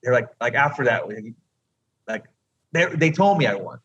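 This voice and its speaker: A man's voice: mid-range voice, animated, normal speed, a bit bright, husky, highs cut off. A man, a recently eliminated reality competition contestant, tells his side of the story emphatically in an interview, often asking "right?".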